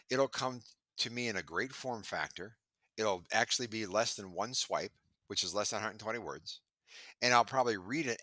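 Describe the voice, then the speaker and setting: A man being interviewed about sales, talking in a lively way and acting out bits of dialogue, sometimes stammering as he restarts. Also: lowish voice, no echo, studio quality. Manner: animated storyteller, acts out dialogue. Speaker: sales expert guest. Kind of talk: podcast interview.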